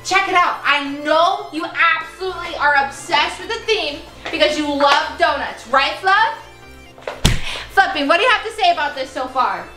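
Super high bright young woman gushing over a toy party, echoey room, music playing. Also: normal speed. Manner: gushing, excitable, lots of gasps and "like". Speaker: vlogger staging a toy pet party. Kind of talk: play-acting with plush toys, narrating to viewers.

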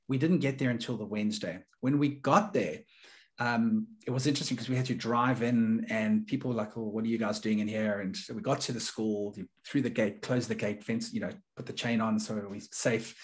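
Earnest man telling a story. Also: mid-range voice. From South Africa. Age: middle-aged. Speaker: guest, leadership coach. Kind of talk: storytelling in an interview.

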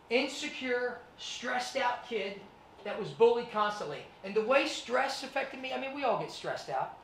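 A man's voice: high voice, slight background noise. A man giving a motivational talk to students, telling his life story and acting out scenes. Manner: animated, acts out scenes. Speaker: guest speaker. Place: presentation room with students. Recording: echoey room, mic at a distance.

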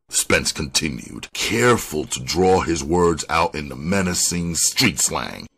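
Male audiobook reader, deep husky voice, expressive, lively pitch. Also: measured pace, few pauses. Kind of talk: reading a crime novel aloud.

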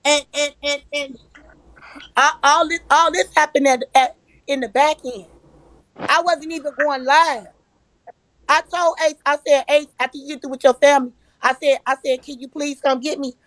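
A woman's voice: high-pitched, fairly even intonation, moderate pace, a bit bright, dry recording, poor audio. A woman telling a heated personal story, emphatic and profane, acting out the arguments she quotes. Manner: profane, repetitive. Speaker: live-stream guest.

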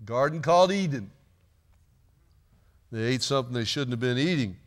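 A man's voice: mid-range voice, lively intonation, normal speed. A man preaching a sermon in a church, chatty and joking with the congregation between readings. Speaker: pastor. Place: church sanctuary.

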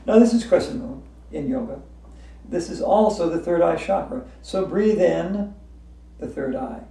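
A woman's voice: on the low side, expressive, unhurried, creaky, warm tone. A woman teaching a yoga class, upbeat, chanting repeated breathing cues and breaking into laughter. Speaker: yoga instructor. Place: hotel room. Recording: echoey room, voice from far off.

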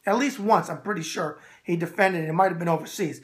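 A man hosting a boxing video mailbag, brash and animated, repeating a catchphrase. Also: high-pitched, fast. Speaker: boxing show host answering viewer mail. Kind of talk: casual solo video mailbag.

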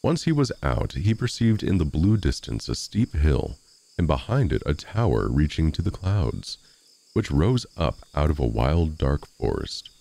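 A male storyteller reads a fairy tale aloud in a very deep, dark voice with a gravelly texture. His theatrical delivery rises and falls widely in pitch. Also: a little slow. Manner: expressive, theatrical.

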